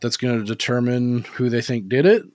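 A man's voice: mid-range voice, brisk, a little mellow, dry recording. A man co-hosting a movie podcast in loose, casual chat, peppering his talk with "like" and cheerful swearing. His voice sits mid-range and sounds dry and close, with no room around it. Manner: laid-back, swears freely, lots of "like" fillers. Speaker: podcast co-host.

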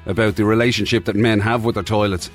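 A man's voice: on the low side, steady tone, quick pace, soft background music. A man co-hosting a radio chat show, talking in a wry, rambling, conversational way. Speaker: radio co-host. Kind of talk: casual chat.

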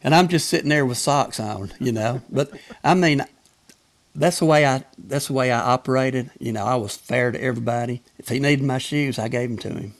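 A man's voice: mid-range voice, brisk. An older man with a Southern Alabama accent, a former tennis umpire telling chuckling, folksy anecdotes in casual conversation. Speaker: retired tennis umpire guest. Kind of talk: casual storytelling.

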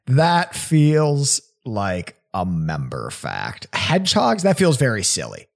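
A man co-hosting a casual podcast, playful and quick to laugh. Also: fairly low pitch, huge pitch swings, creaky. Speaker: podcast co-host.

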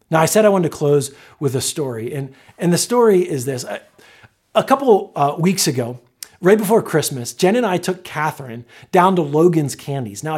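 A man, a pastor preaching a sermon and telling a story, rising to loud exclamations and falling soft. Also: on the high side, breathy edge. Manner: earnest storytelling, builds to loud exclamations then drops soft.

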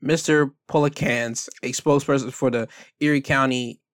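A man's voice: medium pitch, fairly even intonation, normal speed, no room sound. A man giving a blunt, heated opinion rant as a commentator, speaking emphatically.

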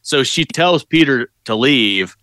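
A man co-hosting a casual podcast, profane and quick to laugh along, chiming in on a horror film. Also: mid-range voice, expressive, pushed and bright, no room sound, clean studio sound. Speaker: podcast co-host. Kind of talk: casual chat.

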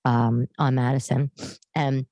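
A woman's voice: rumbling low, level tone, slow, mellow, no room sound. A woman in her thirties from New York, chatting at home to camera in a rambling, self-deprecating way. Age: 30s. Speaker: podcast host. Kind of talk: casual monologue to camera. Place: her living room. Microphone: camera setup at home.

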